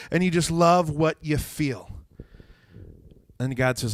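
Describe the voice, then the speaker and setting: A man's voice: on the high side, measured pace, no echo. A man, a youth pastor preaching a casual sermon and acting out the voices in his stories. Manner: animated storyteller acting out quoted voices.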